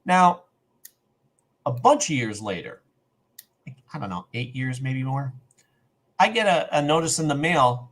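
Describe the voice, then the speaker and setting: A man's voice: mid-range voice, animated, unhurried, long pauses, a bit bright. A middle-aged man telling a long personal story on a podcast, acting out the other people's lines as he goes. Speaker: podcast co-host. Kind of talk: casual storytelling.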